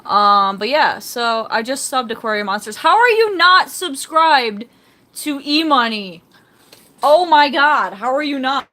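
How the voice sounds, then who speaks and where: A woman's voice: high-pitched, animated, a little slow, sharp tone. A young woman chatting casually on a live stream, rambling and reading out chat comments beside her fish tank at home. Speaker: fish-keeping livestreamer.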